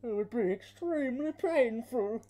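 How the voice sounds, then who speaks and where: A man voicing a masked mercenary villain in a comic film-scene recitation, with a loud, strained, drawn-out delivery. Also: very high-pitched, animated, voice pushed up. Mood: menacing. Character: deep-voiced masked male mercenary villain.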